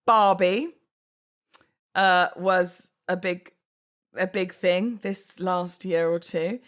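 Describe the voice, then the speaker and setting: A woman's voice: fairly low pitch, steady tone, takes it slowly. A woman hosting a casual solo podcast, chatty and oversharing, often laughing at herself and going off on asides. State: pregnant, baby kicking. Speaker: podcast host.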